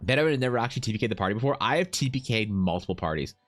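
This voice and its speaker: Guy streaming and rambling, swears a lot, jokey, keeps restarting sentences, normal pitch, quiet music in the background. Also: expressive, rapid-fire. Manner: rambling, profane, jokey storytelling with many restarts. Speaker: streamer and fantasy artist. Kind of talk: casual livestream chat. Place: home streaming setup.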